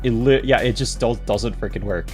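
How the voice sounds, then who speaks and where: A man's voice: medium pitch, normal speed, soft background music. A man live-streaming a game, chatting casually with his viewers in a playful, teasing, mock-dramatic way.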